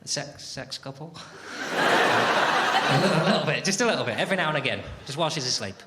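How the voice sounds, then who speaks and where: A man's voice: fairly high pitch, lively intonation, very fast. An English man performing a stand-up comedy set on stage, ranting in an exasperated, sardonic way and bantering with the crowd. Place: live comedy venue, audience laughing. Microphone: stage microphone. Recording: live show with loud crowd noise.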